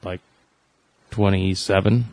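A man's voice: low voice, fairly even intonation, takes it slowly, a little mellow, no room sound. A man co-hosting a casual podcast chat, musing and agreeing.

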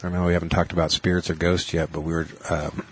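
A man's voice: sits low, little pitch movement, fast, breathy edge. A man hosting a casual podcast chat, rambling through a story and swearing freely. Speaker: podcast host.

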